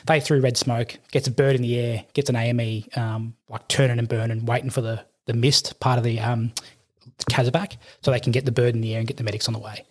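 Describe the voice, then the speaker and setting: A middle-aged man with an Australian accent tells his story casually on a podcast. His voice is mid-pitched and a little husky. He swears freely and acts out what people said. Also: fast. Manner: animated, swears, acts out quotes. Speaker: podcast guest, army veteran.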